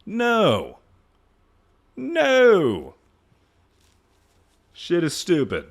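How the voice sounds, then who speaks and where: A man's voice: high-pitched, wildly swooping pitch, very slow. A man in his twenties streaming, ranting casually and profanely as he ranks things. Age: 20s. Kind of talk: casual livestream commentary.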